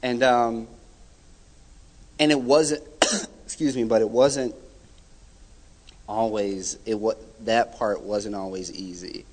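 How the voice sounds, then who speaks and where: Young man, church testimony, animated storytelling, echoing hall. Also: fairly low pitch, takes it slowly, long pauses. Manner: animated storytelling, acts out quoted friends. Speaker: church guest giving a testimony. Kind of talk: personal testimony. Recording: hall reverb.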